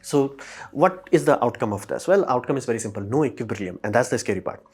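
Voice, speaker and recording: A man's voice: mid-range voice, animated, quick pace, husky. Emphatic man firing rhetorical questions. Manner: informal, swears lightly. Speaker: host. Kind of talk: casual opinion monologue.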